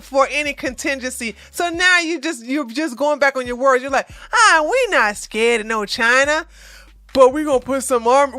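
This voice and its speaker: A woman's voice: a little high, bright, forceful tone, no room sound. A woman hosting a news commentary show, reading stories aloud and breaking off for sarcastic, mocking remarks. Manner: sarcastic, mocking asides between read-out passages; breaks into laughter while reading.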